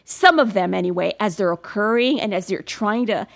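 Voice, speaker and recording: A woman co-hosting a podcast, talking in an effusive, openly emotional way and quick to agree with her partner. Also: mid-range voice, lively intonation, creaky. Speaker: podcast co-host. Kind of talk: casual conversational podcast chat.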